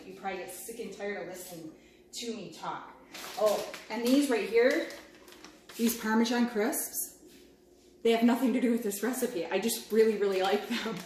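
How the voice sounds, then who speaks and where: A woman chatting casually to viewers while she cooks at home, tasting food and walking through a recipe. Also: mid-range voice. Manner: talkative, talks while cooking and tasting food. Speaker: home cooking vlogger. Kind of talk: chatty cooking demo. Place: home kitchen. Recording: echoey kitchen, mic a bit far off, clear background noise.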